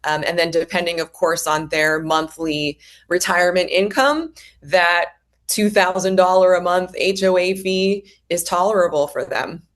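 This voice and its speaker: A woman's voice: lowish voice, moderate pace. A woman, a realtor guest on an interview show, explaining the market in detail with examples. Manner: knowledgeable, explains with examples and lists of questions. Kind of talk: casual interview chat.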